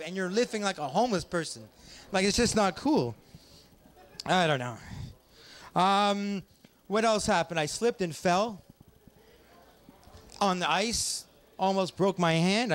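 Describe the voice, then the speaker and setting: A man with a fairly high voice works through a stand-up set on a small pub stage. He keeps things wry and deadpan, tossing quick asides to the crowd between jokes. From Ontario, Canada. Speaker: stand-up comic.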